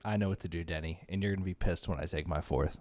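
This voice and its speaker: A man's voice: low voice, fairly even intonation, fast, noisy background. A man hosting a casual podcast draft, joking and teasing his friends. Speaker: podcast host running a draft. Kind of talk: casual chat.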